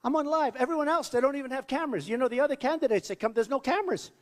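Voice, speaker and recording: A man's voice: very high voice, rapid-fire. A man giving a rambling, boastful campaign rally speech, repeating himself and acting out the voices of people he quotes. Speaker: presidential candidate. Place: school hall at a rally. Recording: long hall reverb.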